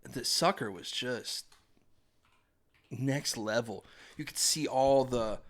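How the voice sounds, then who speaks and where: A man's voice: medium pitch, slow, fairly bright tone. A young man, a podcast host, telling a story in casual chat, laughing and acting out his family's voices.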